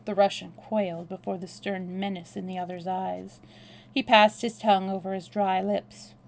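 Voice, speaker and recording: Female storyteller reading a novel aloud, calm and even, with a gravelly texture. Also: medium pitch, normal speed.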